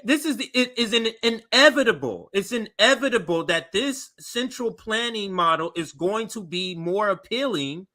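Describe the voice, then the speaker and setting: Bright-voiced man, halting co-host. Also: high voice, expressive. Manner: hesitant, restarts with "I mean". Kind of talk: casual political discussion.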